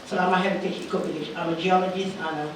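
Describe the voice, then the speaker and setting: A woman's voice: on the low side, fairly even intonation, very fast. A woman in the audience introducing herself in a friendly, light way. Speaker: audience member. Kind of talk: spontaneous self-introduction. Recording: echoey hall, distant, background noise.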